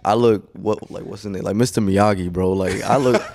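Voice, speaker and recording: A man chats casually on a podcast. His voice sits slightly low. He tells his story in a laid-back way and swears freely. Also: steady tone, fairly quick, darkish tone, slight background noise.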